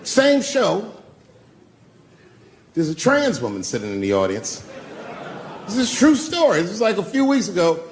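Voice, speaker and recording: A man's voice: high voice, huge pitch swings, moderate pace, long pauses, slight background noise. A man doing live stand-up, telling stories in a loose, profane, conversational way. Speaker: stand-up comedian.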